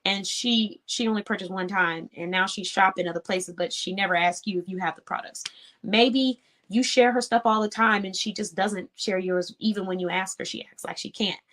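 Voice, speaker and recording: This woman hosts an online show at normal speed, with a mid-range, fairly bright voice and fairly even intonation. Laughing easily, she gives small business owners an earnest, encouraging talk in a relaxed, conversational way.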